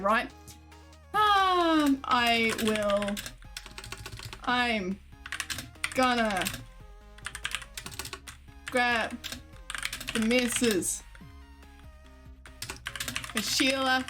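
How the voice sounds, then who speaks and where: A young Australian woman streaming from home, chatting in a bubbly, rambling way and often giggling. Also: sits high. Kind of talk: casual live-stream chat.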